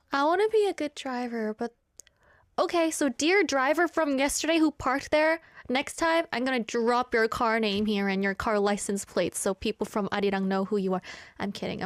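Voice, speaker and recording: A young woman hosts a radio show in a casual, chatty way. Her voice sits a little high and the studio sound is dry and close. She tells stories with animated bursts when quoting people. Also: no room sound. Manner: animated storyteller, acts out quotes in high bursts. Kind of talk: casual radio chat, storytelling. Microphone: studio microphone.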